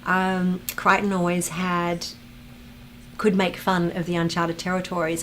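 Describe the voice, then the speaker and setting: A woman hosting a fan watch-along, chatting casually, reading viewer comments aloud and telling animated anecdotes. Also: fairly low pitch, creaky, slight background noise. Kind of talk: casual livestream chat and storytelling.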